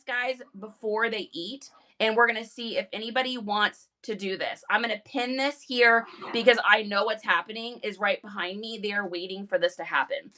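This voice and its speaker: A woman hosting a casual live stream, bubbly and excitable, talking into a phone. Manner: bubbly, excitable, high-energy. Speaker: live-stream reseller host.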